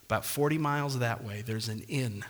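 Man doing a chill tie salesman in the desert, low and offhand, bright tone. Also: moderate pace, long reverb tail, natural voice. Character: calm shopkeeper selling ties in the desert.

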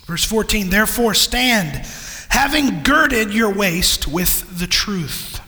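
A man with a strikingly high, bright voice preaches a sermon. He is animated, breaking into loud bursts and quick asides. His voice rings with the long echo of a church hall. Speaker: pastor.

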